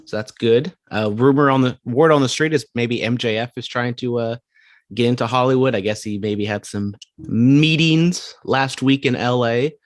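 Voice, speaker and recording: A man's voice: mid-range voice, moderate pace, no echo, clean studio sound. A man co-hosting a wrestling podcast in casual chat, with wry, sarcastic asides. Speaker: podcast co-host.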